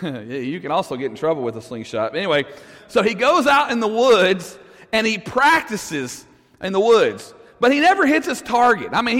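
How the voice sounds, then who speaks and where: High-voiced preacher in a reverberant hall. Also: male voice, a bit bright. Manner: conversational, asks the audience questions, chuckles. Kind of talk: sermon storytelling.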